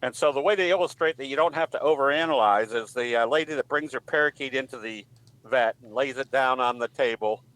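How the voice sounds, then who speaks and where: A man presenting in a trading webinar, talking in a relaxed way and telling a joke, with some ums. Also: mid-range voice, brisk, dry recording, poor audio. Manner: relaxed storyteller with frequent ums. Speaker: trading educator, guest presenter.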